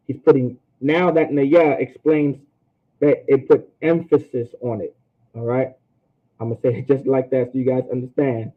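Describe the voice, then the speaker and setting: Man teaching over a tinny line. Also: mid-range voice. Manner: casual teaching, repeats points, sounds out words slowly. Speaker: language teacher. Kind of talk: online language class.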